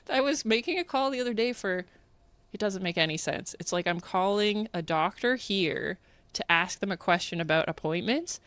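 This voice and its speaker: A woman's voice: mid-range voice, fairly bright tone, dry recording. A woman with a Canadian accent hosting a podcast, chatting casually and laughing often as she teases herself. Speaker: podcast host. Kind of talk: casual chat.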